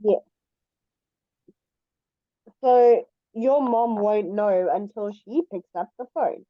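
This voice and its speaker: A woman's voice: medium pitch, slow, no room sound, dull audio. A woman tutoring English one-on-one over a video call, explaining patiently with examples. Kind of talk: one-on-one online English lesson.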